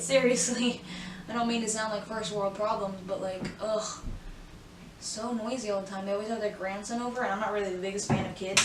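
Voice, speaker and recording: A woman's voice: mid-range voice, reverberant, far from the mic, background noise. A young woman in her twenties from South Florida chats casually through a makeup tutorial, rambling with lots of "like" and "y'all.". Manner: chatty, rambling, peppered with "like" and "y'all". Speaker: beauty vlogger. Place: home room, indoors. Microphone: camera mic at a short distance.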